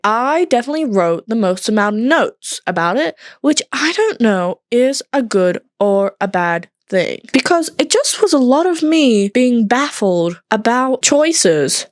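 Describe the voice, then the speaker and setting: Animated young woman reviewing movies. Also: a little high, dry recording, clean studio sound. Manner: animated, sarcastic, giggly. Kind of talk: comedic movie review vlog.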